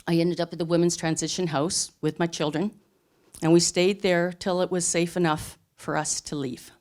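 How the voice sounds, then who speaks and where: A middle-aged woman telling a personal story live on a theatre stage, earnest and emphatic. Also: fairly low pitch. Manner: earnest, emphatic, plain-spoken.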